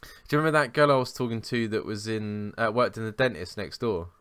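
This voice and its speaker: Young man, podcast co-host, low-ish bright and clear voice, sweary self-mocking storyteller. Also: expressive, fairly quick, dry recording, studio quality. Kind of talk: casual chat, storytelling.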